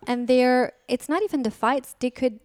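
A woman's voice: high-pitched, normal speed, dry recording, studio quality. A woman speaking frankly and emotionally as a guest on an interview podcast. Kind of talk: candid interview conversation.

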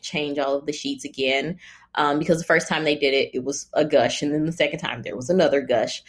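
A young woman casually telling her birth story, chatty and laughing often as she acts out what people said. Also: low-pitched.

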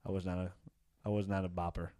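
A man's voice: deep voice, little pitch movement, fast talker, warm tone, dry recording, clean studio sound. A man hosting a casual sports podcast, joking around and slipping into silly voices now and then. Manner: jokey, puts on silly voices for players. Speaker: podcast host.

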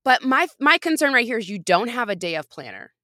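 Woman, podcast host, casual chat, bright forceful voice, playful and encouraging, dry close sound. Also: a little high, sing-song, brisk, no room sound.

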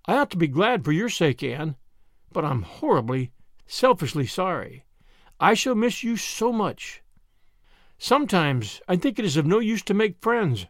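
A man's voice: sits high, big pitch swings, unhurried, no echo, clean studio sound. A man reading the part of a wistful, romantic middle-aged woman in an audiobook, dramatic and melancholy.

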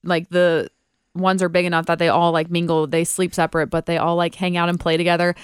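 Gushing, chatty woman co-host, smooth voice. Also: fairly low pitch, level tone, dry recording, clean studio sound. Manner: gushing, chatty, quick to exclaim. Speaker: podcast co-host. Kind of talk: casual chat.

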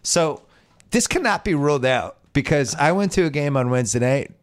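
A man's voice: a little high, animated, moderate pace. A man hosting a casual sports podcast, reading out listener questions and giving wry, opinionated answers. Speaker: podcast host.

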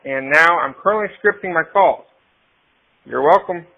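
A man leaving a chatty, self-deprecating voicemail. His voice sits a little high. It comes through a thin, tinny phone line. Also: moderate pace, breathy edge. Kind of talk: voicemail message.

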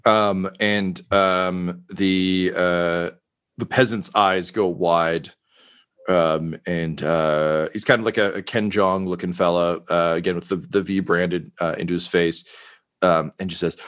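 A man's voice: low-pitched, steady tone, slow pace, fairly bright tone, smooth. A man narrating a tabletop game as game master, rambling with many fillers.

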